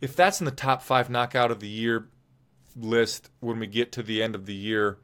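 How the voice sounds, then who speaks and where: A man's voice: mid-range voice, normal speed, a bit bright. A man with a mid-range voice hosting a casual fight recap show. He talks in a loose, rambling, opinionated way and stops now and then to correct himself. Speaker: MMA show host.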